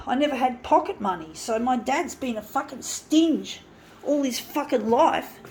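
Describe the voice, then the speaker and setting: A woman with a high voice talks straight to her viewers in a casual monologue. She is blunt and profane, with a bitter, aggrieved edge, and she rambles through many false starts. A faint hum of room noise sits behind her. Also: expressive, a little slow, a little mellow. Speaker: vlogger talking to viewers.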